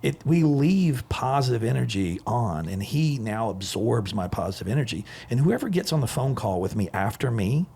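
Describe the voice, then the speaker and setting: A man hosting a podcast, talking in a casual, energetic and upbeat way in a podcast room. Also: lowish voice, normal speed, creaky, hardly any pauses, husky. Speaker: podcast host.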